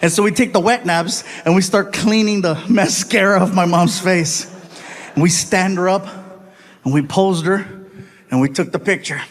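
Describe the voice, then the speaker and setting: A man performing stand-up comedy on a live stage, animated and chatty, ribbing the audience. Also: high voice, moderate pace.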